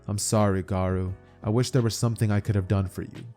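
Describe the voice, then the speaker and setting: A man voicing a regretful old male martial arts master who speaks in a gentle, apologetic way. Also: lowish voice, fairly even intonation, fast talker, faint music behind, natural voice.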